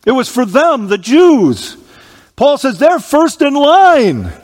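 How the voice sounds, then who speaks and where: A man preaching a sermon in a church, reading scripture aloud with slow emphatic stresses and clearing his throat from allergies. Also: very high voice, wildly swooping pitch, a little mellow, in a large hall.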